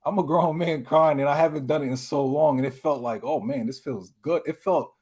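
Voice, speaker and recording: A man's voice: fairly high pitch, fairly even intonation, brisk, a little mellow. Candid man telling a personal story. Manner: candid, uses slang. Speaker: panel guest. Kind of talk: casual storytelling in group chat.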